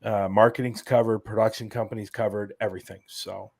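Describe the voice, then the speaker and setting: A man's voice: on the low side, level tone, brisk, creaky, darkish tone, no echo, clean studio sound. A man explaining plans as a guest in a casual podcast interview, rambling with plenty of fillers. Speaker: guest, event organizer.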